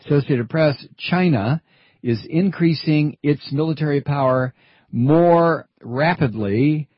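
A man's voice: on the high side, slow, breathy edge, no echo, dull audio. A middle-aged man hosting a radio talk show, rambling and wry, digressing between topics. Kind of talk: casual talk radio chat. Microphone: studio microphone.

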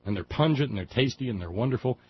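A man's voice: mid-range voice, animated, fast talker. A man hosting a liberal talk radio show, delivering a folksy, digressive, impassioned political monologue. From West Virginia. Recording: dull lo-fi audio with faint background noise.

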